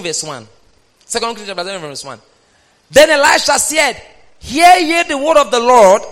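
Animated high-voiced preacher in a reverberant hall. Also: male voice. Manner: emphatic, animated, sometimes shouting, reading scripture aloud. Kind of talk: sermon.

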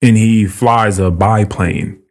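Man, podcast host, low voice, animated storyteller, swears freely, pops up high for quotes. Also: slow pace. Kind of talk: casual chat.

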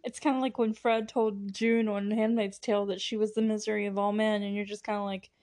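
Woman podcast host, young adult, mid-pitched, loose and chatty, laughs often, casual recap delivery. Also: level tone, a little fast, a little mellow. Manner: chatty, lots of fillers and frequent laughter.

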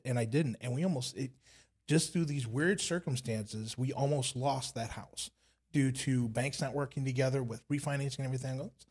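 Husky-voiced man on a church panel, lively storyteller who voices the people in his stories. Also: medium pitch, a little fast. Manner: animated storyteller who acts out quoted voices. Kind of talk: casual faith discussion.

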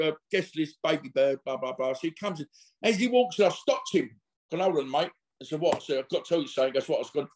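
A middle-aged man talks in a rambling, slangy way, stopping and restarting as he acts out what others said. His voice sits a little higher than most men's. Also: a little hiss or hum. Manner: rambling and slangy, full of restarts and acted-out quotes. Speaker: interview guest. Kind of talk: casual anecdotal storytelling.

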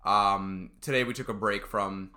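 Chatty bright-voiced male podcast host. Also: fairly low pitch, fairly even intonation, unhurried. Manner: loose, chatty, lots of "like" fillers. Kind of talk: casual interview chat.

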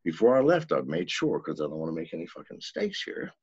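A man's voice: sits low, fast talker, breathy edge, no echo. Profane older man telling wild stories. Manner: profane, animated storyteller. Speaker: podcast guest. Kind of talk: casual storytelling. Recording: dull, lo-fi, dry sound.

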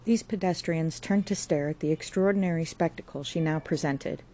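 Low-voiced woman reading an old novel, mellow and steady, audiobook style. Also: moderate pace, a little hiss or hum. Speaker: audiobook narrator. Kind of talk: scripted narration of a classic novel.

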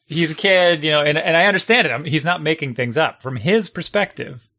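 A middle-aged man and youth coach telling stories in a casual chat, acting out the lines he yelled. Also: a little high, fairly quick. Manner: animated storyteller, acts out yelled lines. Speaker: youth sports coach and parent.

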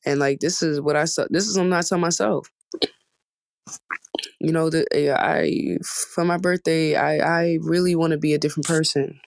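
A woman in her twenties hosts a podcast, delivering a casual storytime monologue that rambles warmly and leans on emphatic repetition. Her voice sits low and creaky, with a steady tone and moderate pace, and the recording is dry.

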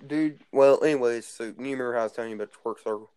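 A man's voice: mid-range voice, rapid-fire, mellow, clean tone, dry recording. A teenage boy telling rambling stories in casual chat, crude and swearing constantly. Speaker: guest storyteller.

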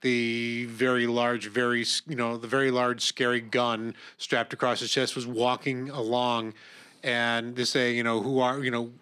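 A middle-aged man hosting an interview, telling a personal story in a lively, animated way. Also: measured pace, clear, resonant tone. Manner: animated storyteller, rises in pitch when worked up. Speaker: interviewer host.

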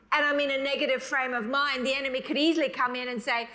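A middle-aged woman preaching a sermon, earnest and emotional, rushing ahead in bursts, then slowing to soft, drawn-out emphasis. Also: high-pitched, steady tone.

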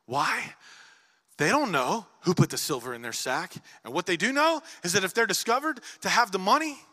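High, bright-voiced preaching man in a hall. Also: sing-song, moderate pace. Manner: dramatic storytelling, swings from hushed to shouting. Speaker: pastor. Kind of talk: sermon. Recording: echoey church hall.

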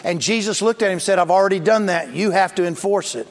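High-voiced man preaching in a reverberant hall. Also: fast talker, gravelly. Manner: preachy call-and-response, emphatic and plain-spoken. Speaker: pastor. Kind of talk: sermon. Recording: long reverb of a large hall.

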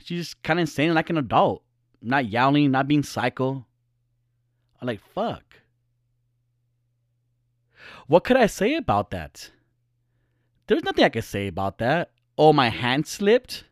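A man's voice: on the high side, huge pitch swings, moderate pace, long pauses, no echo, studio quality. A man who is a podcaster and social media personality, telling a story as a casual monologue. He talks in a profane, ranting way.

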